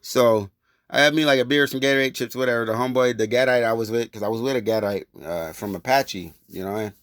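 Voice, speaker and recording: A man spins a casual personal story in loose, rambling street talk full of cursing. His voice sits at an ordinary middle pitch. The sound is dry and close, with no room echo. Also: fast, fairly bright tone. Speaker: vlogger telling a personal story.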